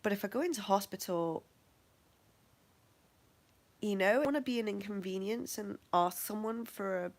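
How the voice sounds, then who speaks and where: A woman's voice: medium pitch, normal speed, pauses often. A middle-aged woman candidly telling her own medical story, frank and matter-of-fact, often laughing at herself. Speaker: vlogger sharing her health journey.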